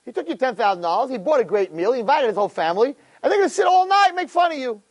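A man's voice: very high voice, sing-song, very fast, no echo, pitched above the performer's own voice, heavily acted. A man voicing a scheming, jealous male courtier who keeps accusing someone to a king. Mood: gloating. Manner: insistent, rising and urgent.

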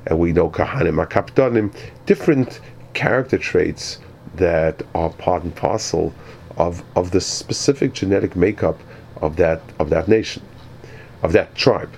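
A man teaching a Torah lecture as a rabbi, speaking in a halting way with many repeated words and pauses. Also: deep voice, gravelly, darkish tone, slight background noise, low-quality recording.

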